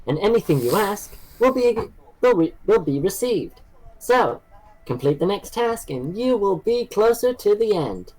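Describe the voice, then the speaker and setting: A man's voice: sits high, very animated, measured pace, a little mellow, voice pushed up, exaggerated voice, low-quality recording. A man voicing a disembodied robot that runs a series of deadly tests, announcing in a formal way. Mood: grandly formal.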